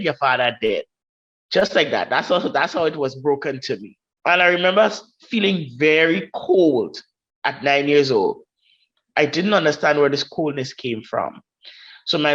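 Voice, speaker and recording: A woman with a Grenadian accent and a rumbling low, slightly bright voice appears as a podcast guest, vividly telling a personal story and acting out the voices of the people in it. The sound is lo-fi.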